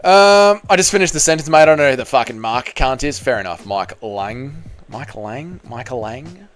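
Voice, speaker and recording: A man's voice: mid-range voice, lively intonation, moderate pace, fairly bright tone. A man with an Australian accent chatting casually on a livestream, reading donations and swearing in matey banter. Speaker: MMA YouTuber streaming live.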